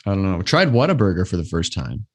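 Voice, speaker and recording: A man's voice: deep voice, big pitch swings, quick pace. A man hosting his own podcast, chatting alone in a loose, rambling way full of fillers. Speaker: podcast host. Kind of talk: casual solo podcast chat.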